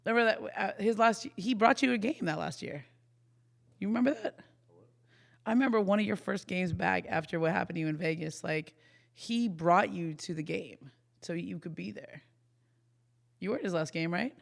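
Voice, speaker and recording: A woman sports reporter telling animated stories in a casual podcast chat, laughing often. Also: lowish voice, normal speed, vocal fry.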